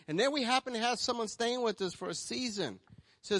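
A male pastor preaching a sermon, telling personal stories and swinging between soft asides and loud, emphatic calls to the congregation. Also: high-pitched, very animated, fast. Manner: storytelling, swings from quiet to loud. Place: church hall. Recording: long hall reverb.

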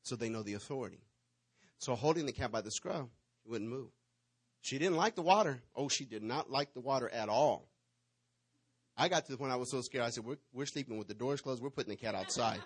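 Animated man preaching a story. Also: medium pitch, a little fast, breathy edge. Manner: animated storyteller, swings from loud to hushed. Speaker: pastor. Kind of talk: sermon with personal story.

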